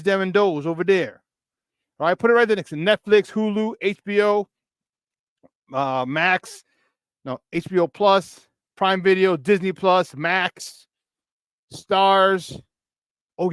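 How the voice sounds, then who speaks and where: Chicago guy hosting a morning sports show, hyped and slangy, kinda high voice, dry close sound. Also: a bit bright, clear, resonant tone, dry recording. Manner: hyped, slangy, playful banter. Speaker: sports talk show host.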